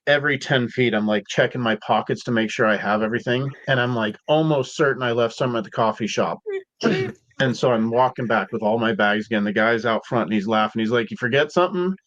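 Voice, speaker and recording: A man's voice: medium pitch, steady tone, normal speed, fairly bright tone, no echo, highs cut off. A man guest on a podcast, telling rambling stories in a casual, profane way, full of "like" and "dude". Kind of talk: casual storytelling.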